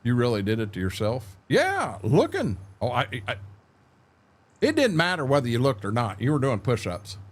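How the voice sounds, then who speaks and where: Animated older man telling war stories. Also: mid-range voice, a little fast. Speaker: game streamer. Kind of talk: casual storytelling on a stream.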